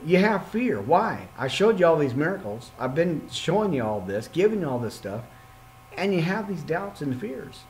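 A man leading an informal Bible study podcast, reading scripture aloud and breaking off into excitable, jokey asides. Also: on the high side, a little hiss or hum, rough recording. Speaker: podcast preacher.

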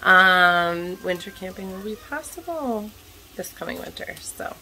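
A woman with a scratchy, hoarse voice chatting casually in a vlog, telling a story in an animated way while cooking at home. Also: mid-range voice, unhurried. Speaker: vlogger, stay-at-home mom.

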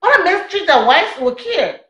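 A woman's voice: very high voice, big pitch swings, normal speed, a bit bright, lo-fi sound, exaggerated voice. An actress with a Liberian English accent playing a suspicious young wife, scolding her husband for his lies. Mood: accusing. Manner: accusing, scolding. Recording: echoey room.

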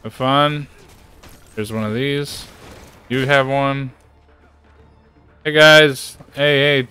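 A man giving casual gameplay commentary, excitable, playful and chatty. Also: medium pitch, very slow, clean tone, faint music behind. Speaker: gaming streamer.

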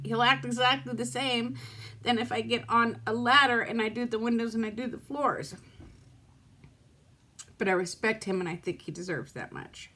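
A woman's voice: on the high side, a bit bright. A woman vlogging from her home in rambling casual chat to camera, frustrated and close to tears. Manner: frustrated, rambling, self-talk.

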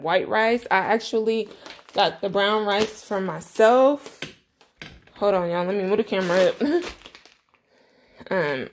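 A young woman talking casually to her viewers from her home kitchen, chatty and blunt, calling them y'all. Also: mid-range voice. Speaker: vlogger. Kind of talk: casual grocery haul vlog. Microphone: camera mic.

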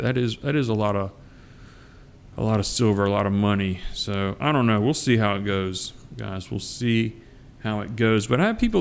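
Man, Southern US accent, middle-aged, gravelly, smooth and resonant, low voice, rambling casual vlog chat. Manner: joking, drawn-out, addresses viewers as guys. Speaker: coin collecting vlogger.

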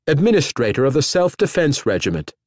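A male audiobook narrator voicing a brisk, bossy woman administrator in a high, raised voice. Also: sing-song, darkish tone, no room sound, clean studio sound. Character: brisk middle-aged woman regiment administrator.

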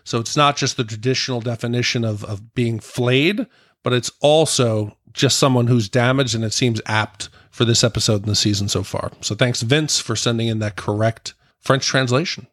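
A man in a casual podcast chat with a middle-pitched voice. He rambles along in a relaxed way with easy fillers, recorded close and dry. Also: moderate pace, dry recording. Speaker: podcast co-host.

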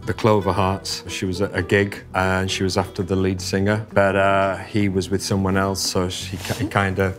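A man's voice: deep voice, monotone, moderate pace, few pauses, faint music behind. A man, a contestant, tells how he met his girlfriend in a hesitant, self-deprecating way. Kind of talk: telling a story to a group.

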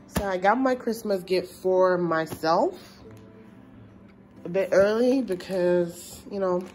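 A woman chatting excitedly in a casual vlog at home, gushing over an unboxing, a little stuffy from a cold; English is not her first language. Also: on the low side, slow. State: slightly congested from a cold. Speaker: vlogger.

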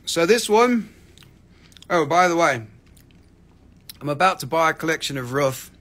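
A man's voice: fairly high pitch, lively intonation, measured pace, fairly bright tone. A man hosting a live rock-selling stream, rambling casually, swearing freely and calling out prices to viewers.

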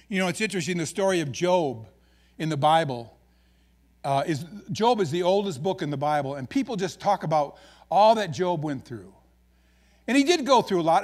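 A man with an Upper Midwest American accent preaching a sermon as pastor, folksy and joking as he tells stories. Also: high voice. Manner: folksy, joking, animated storytelling.

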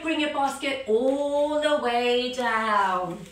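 A woman's voice: sits high, takes it slowly, hardly any pauses, a bit bright, distant mic. A woman teaching a children's yoga class, telling a story as she guides the poses, playful and sing-song with animal sounds. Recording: echoey room, voice a little off-mic.

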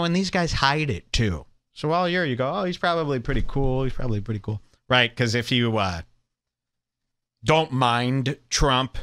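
A man's voice: medium pitch, fairly bright tone, no echo, studio quality. A man hosting a comedy podcast, ranting in a crude, mocking and sarcastic way. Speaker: podcast host.

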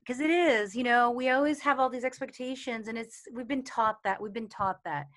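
A woman teaching about intuition and calm on a live video call, chatty, with many fillers and acted-out quotes. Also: fairly high pitch, normal speed. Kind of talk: casual talk in a live online session.

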